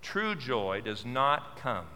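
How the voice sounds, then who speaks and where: A man's voice: mid-range voice, sing-song, slow, sharp tone, long reverb tail, slight background noise. A male pastor preaching a sermon, earnest and full of questions, repeating words for stress. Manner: earnest, asks many questions.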